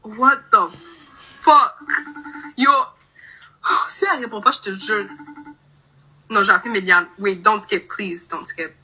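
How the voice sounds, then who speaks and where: A woman's voice: mid-range voice, animated, measured pace, pauses often, sharp tone, breathy edge, low-quality recording. A young woman from Montreal with a Québécois accent, frantic and starstruck on a live phone video call. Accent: Québécois French. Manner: starstruck, frantic, switches between English and French. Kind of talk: excited live chat.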